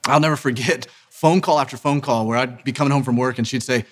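Speaking as a ministry founder, a man in his thirties delivers a sermon-style talk that is earnest and emphatic, easing his pace to stress important words. His voice is mid-range with a steady tone.

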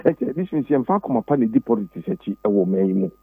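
A Ghanaian man with a husky voice talks politics with a preacher's insistence. He repeats himself and his voice jumps sharply higher on key points. The sound is dry and narrow, like a phone line. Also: expressive, fast, no room sound. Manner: emphatic and preachy, with sudden high pitch leaps and repeated words. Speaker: interview guest, pastor and former presidential candidate. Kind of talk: political interview, Twi mixed with English.

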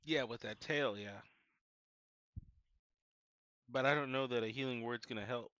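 A man playing a tabletop game, working out his turn aloud with pauses and fillers. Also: mid-range voice, sharp tone, smooth. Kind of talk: casual game chat. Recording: dull lo-fi mic.

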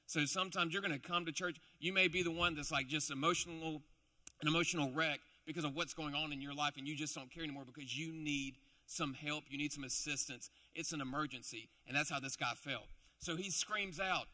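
Bright-voiced man preaching playfully. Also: a little high, steady tone, a little fast. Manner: playful storytelling, acts out the characters' lines. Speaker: youth pastor. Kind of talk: sermon.

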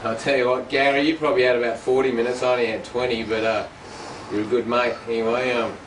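Australian man, comedian, laddish and deadpan, crude jokes, middle pitch, outdoor noise. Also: fast. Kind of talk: jokey handheld vlog banter.

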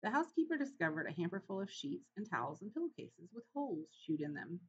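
A woman's voice: lowish voice, big pitch swings, fast, a bit bright, lo-fi sound, slight background noise. A woman voicing a cautious, grumbling uncle mouse who lectures the young.

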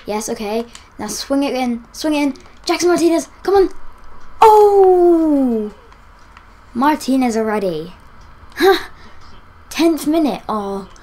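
A woman giving live commentary on a football video game, excitable, cheering and groaning as the play unfolds. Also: a little high, moderate pace. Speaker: gaming YouTuber.

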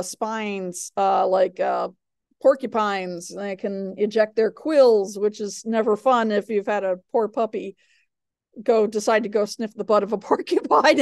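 A woman's voice: mid-range voice, creaky, no echo, studio quality. A woman teaching a recorded biology lecture, rambling with lots of fillers and chatty personal asides. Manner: rambling, digressive, many fillers; chatty, tells personal anecdotes. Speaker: biology instructor.

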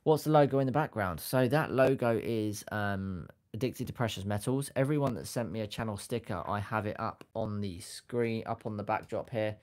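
A man with a slightly low voice hosts a relaxed live stream. He reads out viewers' comments in a goofy, chatty way and is quick to laugh at himself. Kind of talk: casual live-stream chat, reading out comments. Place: home setup with a sticker backdrop.

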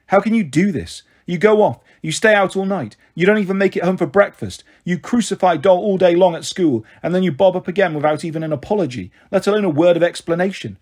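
A man voicing an angry teenage older sister in a storybook reading, with a sharp, scornful delivery. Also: high-pitched, fast talker, voice pushed up.

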